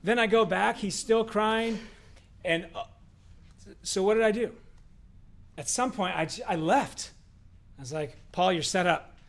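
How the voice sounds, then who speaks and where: Man, high voice, animated storyteller, rhetorical questions, co-host. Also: unhurried, creaky, long pauses. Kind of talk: casual faith discussion.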